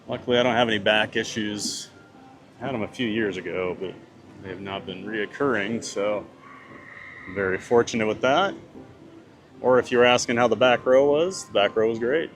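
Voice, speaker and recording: A man's voice: fairly low pitch, moderate pace, a little hiss or hum. A man chatting casually on a live stream, reading out viewer comments and answering them. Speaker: theme park vlogger reading live chat. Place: outdoors at a theme park.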